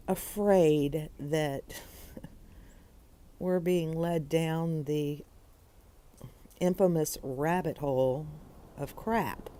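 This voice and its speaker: A woman's voice: low-pitched, extremely slow, long pauses, dark tone. A woman delivering an exasperated, sarcastic opinion monologue for her podcast.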